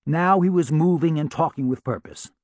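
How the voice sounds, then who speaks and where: Guy reading a novel out loud, slightly high voice, dry close mic. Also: moderate pace, dry recording. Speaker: audiobook narrator. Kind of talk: scripted narration.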